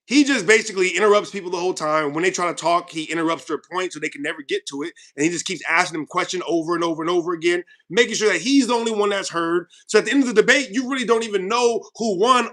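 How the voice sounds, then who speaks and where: Heated ranting host, man, high bright voice, confrontational. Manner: heated, confrontational, repetitive, swings loud and quiet. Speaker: channel host. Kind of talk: ranting commentary to viewers.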